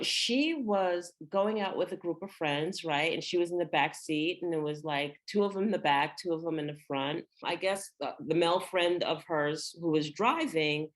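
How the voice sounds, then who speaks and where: A woman co-hosting a podcast, telling stories animatedly and acting out quoted lines. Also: sits low. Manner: animated storyteller, acts out quotes. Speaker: podcast co-host. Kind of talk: casual storytelling conversation.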